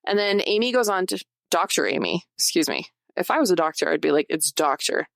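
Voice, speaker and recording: Low-voiced woman hosting a chatty podcast. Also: lively intonation, a little fast, vocal fry, dry recording, studio quality. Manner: chatty, addresses listeners directly, laughs often. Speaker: podcast host. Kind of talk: casual solo podcast talk; partly reading from notes.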